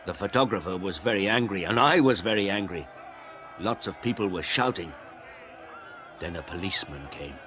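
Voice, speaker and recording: Low-voiced man reading a story slowly. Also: fairly bright tone. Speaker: narrator. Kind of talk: storybook narration for English learners.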